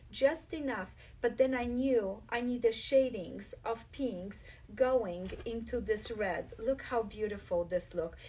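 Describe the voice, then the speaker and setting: Enthusiastic quilting host, a bit off-mic. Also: female voice, on the high side, darkish tone, far from the mic, a little hiss or hum. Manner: enthusiastic, shows fabrics while talking. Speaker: quilt designer hosting a live stream. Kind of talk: live craft demonstration.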